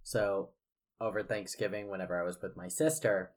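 A man's voice: deep voice, steady tone, moderate pace. A young man co-hosting a podcast, telling stories in casual chat, rambling with lots of fillers. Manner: rambling storyteller with many fillers. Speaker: podcast co-host.

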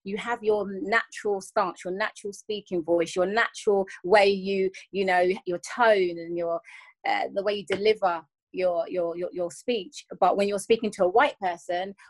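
Guest voice: earnest woman in her thirties, mid-pitched, reflective and repetitive. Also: fairly even intonation, moderate pace. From England. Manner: earnest, circles back and repeats while searching for words. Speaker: podcast guest. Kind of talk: reflective conversational interview.

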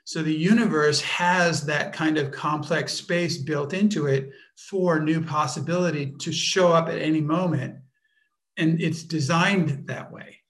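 Slow, searching man teaching a workshop. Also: fairly high pitch, a bit bright. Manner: deliberate, searching, with frequent restarts. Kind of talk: unscripted workshop talk.

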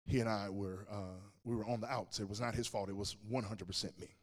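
A man's voice: on the low side, steady tone, a little fast. A man preaching a sermon as pastor, telling a personal story with humor and speaking directly to the congregation. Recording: long reverb of a large hall.

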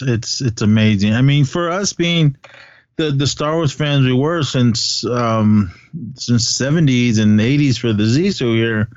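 Co-hosting a podcast's casual fan chat, this man in his forties rambles enthusiastically with many fillers. He has a mid-range voice, and the recording has a dull, dry sound with no room sound.

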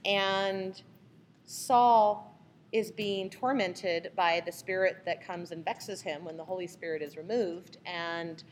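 A woman's voice: lowish voice, slow, a little hiss or hum. Chatty woman leading a Bible study. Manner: animated, acts out the people in the story. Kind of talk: casual Bible study discussion.

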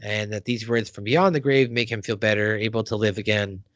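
A man's voice: on the low side, fairly even intonation, brisk, a bit bright, dry recording. A man casually recapping a cartoon episode, acting out the characters' lines and laughing often. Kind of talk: casual chat.

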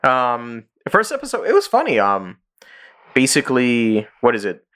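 A man co-hosting a casual podcast, retelling stories and jumping into high voices when he quotes people. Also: normal speed. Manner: animated storyteller, jumps into high voices for quoted characters. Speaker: podcast co-host.

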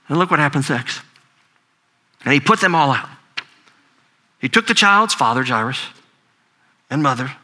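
A man's voice: on the high side, pushed and bright. An older man, a grandfather, preaching a sermon in a conversational storytelling way, often repeating words as he talks. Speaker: pastor.

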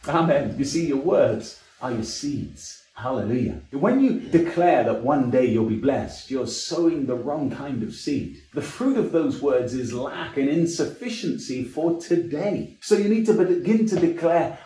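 A man's voice: mid-range voice, animated, unhurried, hardly any pauses, mellow, echoey room. A man preaching a sermon as an evangelist, with emphatic delivery that rises and drops in sweeping waves.

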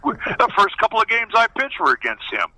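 An older man recounts his old pitching days in an interview, throwing himself into every line of quoted dialogue. His voice is strikingly bright and sharp, and he tells it with animated, plain-spoken energy. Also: a little fast, dry recording, poor audio. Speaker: former baseball pitcher. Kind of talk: storytelling interview.

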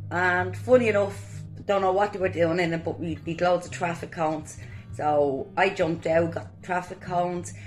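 An Irish woman sharing lively, colloquial stories in a personal tribute to her late cousin. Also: fairly low pitch. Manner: lively anecdotal storytelling, colloquial. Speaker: guest sharing memories of a cousin.

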